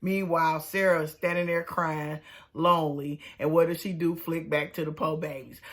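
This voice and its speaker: A young woman casually recapping a reality show, slangy and sassy, acting out quotes in loud high voices. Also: flat delivery, normal speed.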